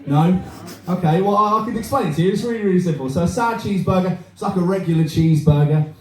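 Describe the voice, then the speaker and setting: A man with a high-sitting voice delivers quick-paced, crude stand-up that pokes fun at himself while he talks with people in a small bar. The live recording is roomy and distant, full of audience laughter.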